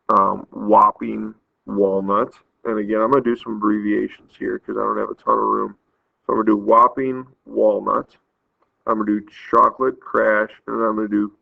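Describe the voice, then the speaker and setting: A man's voice: lowish voice, creaky, no room sound. A man teaching a math lesson, patiently explaining step by step and counting aloud. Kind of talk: recorded math lesson walkthrough. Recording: tinny phone-like audio, dry.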